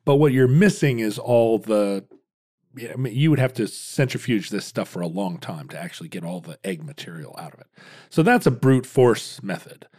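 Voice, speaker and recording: Man explaining in halting, wry restarts. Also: fairly low pitch, expressive, darkish tone. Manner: talks in halting restarts, fond of wry asides. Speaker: podcast co-host. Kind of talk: casual explanatory chat.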